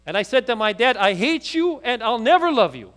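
A woman's voice: medium pitch, sing-song, normal speed, big-room sound, lightly acted. A man preacher voicing a young woman who pleads and grows more upset as she hears her estranged father is in hospital. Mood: distraught. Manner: pleading, rising to near shouting.

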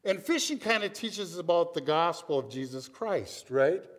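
A man's voice: a little high, animated, moderate pace, a bit bright. Man preaching in a reverberant hall. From Minnesota, USA. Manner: storytelling, conversational, often adds "right?". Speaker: pastor. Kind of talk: sermon.

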